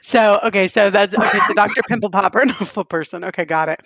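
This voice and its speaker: A woman's voice: medium pitch, fast talker, fairly bright tone, breathy edge, no echo. A woman co-hosting a casual podcast, chatty and giggly, with lots of filler words. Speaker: podcast co-host. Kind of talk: casual chat.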